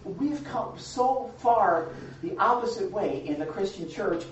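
A woman's voice: mid-range voice, animated, measured pace. Woman preacher, conversational sermon, chatty restarts, muffled lo-fi sound, faint background noise. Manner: chatty, candid, frequent restarts. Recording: echoey dull recording from a distance.

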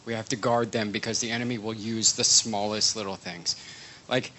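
A man's voice: lowish voice, level tone, moderate pace, pushed and bright, a little hiss or hum, low-quality recording. A man giving a sermon in a conversational way, asking the congregation questions. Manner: conversational, asks the room questions. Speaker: guest preacher.

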